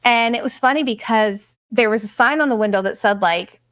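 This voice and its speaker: A woman's voice: fairly high pitch, fairly quick, fairly bright tone, no room sound, clean studio sound. A middle-aged woman telling candid, profane stories in a casual chat, often putting on voices to quote people. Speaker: vlogger. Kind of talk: casual storytelling monologue.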